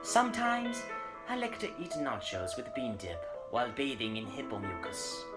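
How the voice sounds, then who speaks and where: A man's voice: mid-range voice, sing-song, moderate pace, pitched below the performer's own voice, lightly acted. A young man voicing a pompous male host with a put-on English accent, reading jokes over music. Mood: mock-posh.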